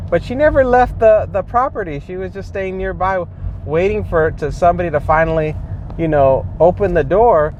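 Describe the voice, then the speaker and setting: A man's voice: sits high, moderate pace, darkish tone, lo-fi sound. Exasperated man talking while driving. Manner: exasperated, rambling, restarts sentences often. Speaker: delivery driver vlogger. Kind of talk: casual in-car commentary while driving. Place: inside a car while driving. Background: faint car and road noise.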